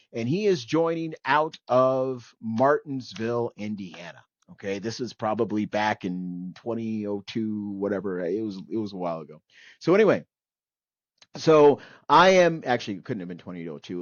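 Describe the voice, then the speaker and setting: A middle-aged man hosting a podcast, telling a story in animated bursts with many "okay?" and "anyway" asides. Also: medium pitch, no echo, muffled recording. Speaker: podcast host. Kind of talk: storytelling in casual chat.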